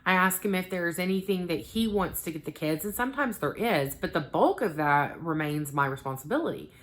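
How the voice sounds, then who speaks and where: A woman in her thirties chatting casually about the books she read, full of ums and likes, getting animated when she quotes conversations. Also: on the low side, brisk. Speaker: book vlogger. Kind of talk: casual book review chat.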